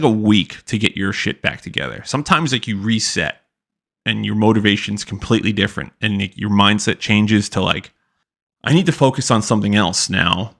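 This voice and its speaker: A man's voice: fairly low pitch, vocal fry, a bit bright. A young man hosting a podcast, ranting bluntly with constant swearing and mocking impressions of people. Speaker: podcast host. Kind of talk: profane ranting commentary.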